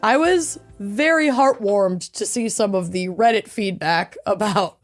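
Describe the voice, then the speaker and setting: A woman's voice: mid-range voice, unhurried, soft background music. Bubbly woman co-hosting a podcast. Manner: bubbly, joking. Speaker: podcast co-host. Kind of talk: casual chat.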